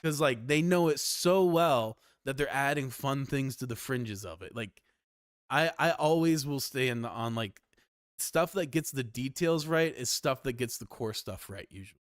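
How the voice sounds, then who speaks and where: A man's voice: mid-range voice, expressive, normal speed, dry recording, clean studio sound. A young Canadian man giving casual, profane commentary over a video game, laughing often and rambling. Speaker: let's play host. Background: game music.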